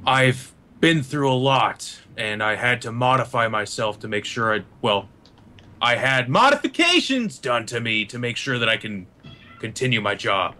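A man's voice: mid-range voice, animated, normal speed, bright, forceful tone. A man voicing a battle-hardened male cyborg soldier who speaks in clipped, formal sentences. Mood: terse.

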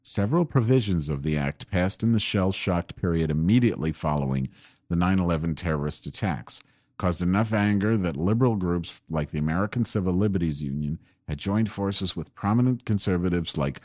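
Male host, very low voice, rambling profane political rant at his home desk. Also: lively intonation, normal speed, a little mellow, no echo, studio quality. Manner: rambling, profane and increasingly angry. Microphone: desk microphone pointed at keyboard.

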